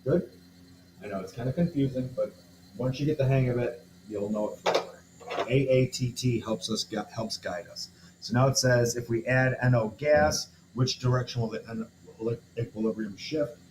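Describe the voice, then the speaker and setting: A man's voice: mid-range voice, normal speed, noisy background. Man teaching a chemistry problem, echoey room. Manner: talks through steps aloud, checks in with listeners. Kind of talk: homework walkthrough lesson.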